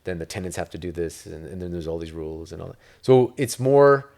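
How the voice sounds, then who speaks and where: A man's voice: sits low, lively intonation, a little fast, vocal fry, darkish tone. A man from Italy, an interview guest talking about real estate in a loose, rambling way, full of filler words. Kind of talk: casual interview talk.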